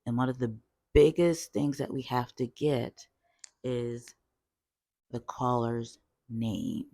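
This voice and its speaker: A woman telling a call-center story in a chatty, animated storytime vlog, full of fillers. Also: extremely low pitch, slow pace, no echo, clean studio sound.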